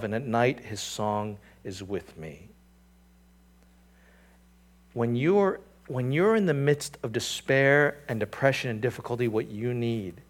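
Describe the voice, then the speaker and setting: Pastor preaching, hushed to emphatic. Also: male voice. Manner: swings from hushed, low scripture reading to raised, emphatic preaching; repeats and restarts phrases, asks the congregation rhetorical questions. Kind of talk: sermon.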